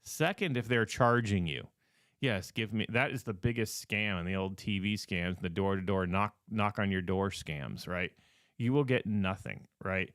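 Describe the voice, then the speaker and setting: A man's voice: low-pitched, normal speed, fairly bright tone, clean tone, dry recording, studio quality. A man hosting a podcast who is losing his voice, giving casual advice with emphatic, repetitive warnings and many fillers. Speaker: podcast host.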